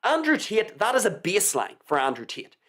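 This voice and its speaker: A woman's voice: medium pitch, huge pitch swings, fairly quick, a bit bright. A woman hosting a live commentary show, delivering a combative, scornful opinion monologue to her audience. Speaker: online commentator, show host.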